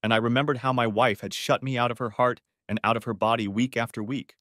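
A man's voice: medium pitch, fairly even intonation, quick pace, a bit bright, no room sound, clean studio sound, close to an everyday voice. A man voicing a betrayed husband who speaks in a weary, bitter and self-mocking way in an audiobook. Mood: bitter recounting. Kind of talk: audiobook character voice.

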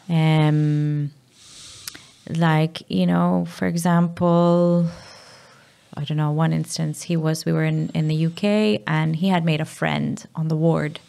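A woman's voice: fairly low pitch, creaky. A woman from Malta, a mother and podcast guest, talking openly in a casual interview and telling her story. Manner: open, storytelling, drops to a hush for quoted words.

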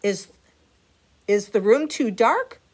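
A woman voicing an excited, earnest little boy who pleads with his parents. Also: slow, husky, heavily acted. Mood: worried. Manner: high, insistent, earnest.

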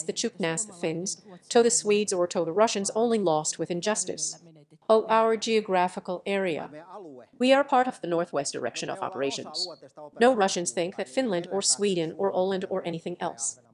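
A woman's voice: mid-range voice, expressive, brisk, a little mellow. Woman reading a translated lecture.

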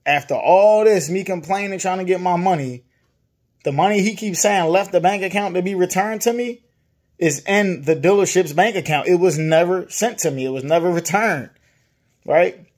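Frustrated man venting, fairly high voice. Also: moderate pace, darkish tone. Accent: Virginia. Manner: frustrated, repetitive, mimics others' lines. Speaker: customer complaining about a dealer. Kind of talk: casual venting monologue.

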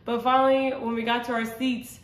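A woman's voice: fairly high pitch, flat delivery, brisk. A woman sharing a personal faith testimony in casual, earnest talk, rambling with many fillers and restarts. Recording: roomy echo.

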